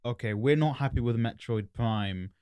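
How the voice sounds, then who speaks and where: A man's voice: medium pitch, normal speed, darkish tone, clear, resonant tone, no echo. A man co-hosting a podcast, chatting casually and cracking silly jokes. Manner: jokey, throws in silly quips and impressions. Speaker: podcast co-host. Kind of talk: casual chat.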